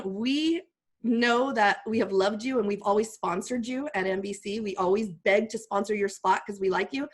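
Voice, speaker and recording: A middle-aged woman, a guest speaker, telling a heartfelt personal story in an animated way. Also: mid-range voice, moderate pace.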